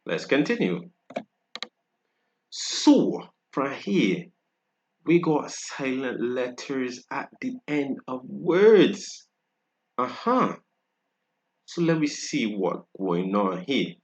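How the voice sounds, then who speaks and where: A man's voice: medium pitch, big pitch swings, extremely slow, long pauses. A man with a Barbadian accent, teaching a French pronunciation lesson in a casual, patient way and often checking in with tag questions.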